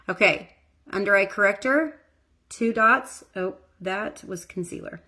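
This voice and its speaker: A middle-aged woman talks through her makeup routine in a casual, chatty way, joking at her own expense. Her voice sits at an ordinary middle pitch, easygoing and conversational, like a makeup artist teaching while she works. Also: unhurried, pushed and bright.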